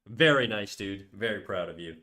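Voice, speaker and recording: A man's voice: lowish voice, expressive, moderate pace, pushed and bright. A young man chatting casually on a live stream, joking crudely and rambling with frequent restarts. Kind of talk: casual livestream chat. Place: home room.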